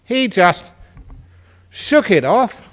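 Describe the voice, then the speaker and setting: A man's voice: high voice, very animated, extremely slow, heavy background noise. A man, a Buddhist monk, telling a humorous teaching story in a playful way and laughing at his own jokes. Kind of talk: humorous storytelling dharma talk.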